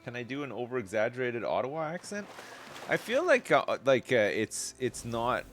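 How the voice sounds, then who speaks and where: A man's voice: medium pitch, very animated, moderate pace, a bit bright, a little hiss or hum. A Canadian man chatting casually on a live gaming stream, rambling and laid-back, swearing freely and chuckling often.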